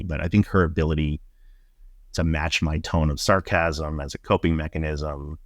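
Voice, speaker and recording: A middle-aged man, a podcast guest, telling a personal story in a reflective, halting way with many fillers. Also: extremely low pitch, no room sound, clean studio sound.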